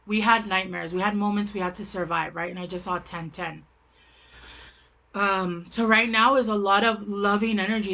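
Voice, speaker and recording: A woman's voice: mid-range voice, steady tone, moderate pace, creaky, pushed and bright, rough recording. A woman giving a casual, rambling tarot reading, frank and chatty, often stopping to restart her sentences. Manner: rambling, chatty, self-interrupting. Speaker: tarot reader.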